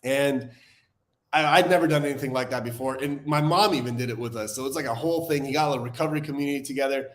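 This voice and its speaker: A young adult man hosting a recovery live stream, talking in an earnest, animated way and reading viewer comments aloud. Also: mid-range voice, quick pace. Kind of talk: casual live-stream talk.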